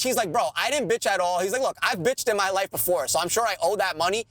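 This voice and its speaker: A man's voice: sits high, quick pace, no echo. A man, co-hosting a podcast and ranting in casual, profane chat. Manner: animated, swearing ranter. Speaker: podcast co-host.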